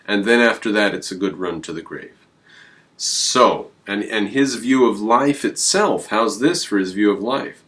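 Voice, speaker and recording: A man hosting his own channel, talking in a rambling, emphatic way with sudden jumps in pitch. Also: a little slow, a bit bright. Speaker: channel host. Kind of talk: casual on-camera commentary.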